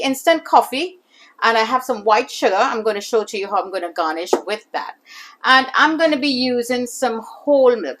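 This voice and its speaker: A woman's voice: medium pitch, fairly bright tone, a little hiss or hum. A woman from the islands, chatting casually through a cooking demonstration and calling her viewers foodies, in a home kitchen. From Caribbean islands. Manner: chatty, addresses viewers as foodies, pleading emphasis. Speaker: cooking channel host.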